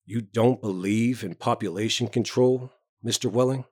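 A man reading a story aloud, voicing a towering, self-important male doctor with a booming, hearty manner. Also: animated, normal speed, darkish tone, no room sound, studio quality. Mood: lecturing. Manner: hearty, booming, bluff joviality.

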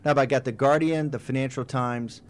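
A man's voice: medium pitch, fairly even intonation, brisk, slight background noise. A man hosting a political talk show, delivering an impassioned, rambling monologue full of emphatic repetition. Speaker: host.

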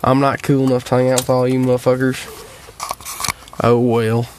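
A man's voice: medium pitch, monotone, moderate pace, noisy background. A worn-out man rambling profanely to his viewers from home, drawling through stories with lots of fillers. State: worn out and tired. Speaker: vlogger. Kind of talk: rambling casual monologue to viewers. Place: at home, sitting.

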